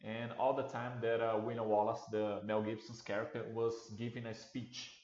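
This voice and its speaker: Halting man, low voice. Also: little pitch movement, a little mellow. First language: Portuguese. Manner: halting, many restarts and fillers. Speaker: livestream host. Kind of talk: casual livestream chat. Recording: roomy, dull lo-fi sound.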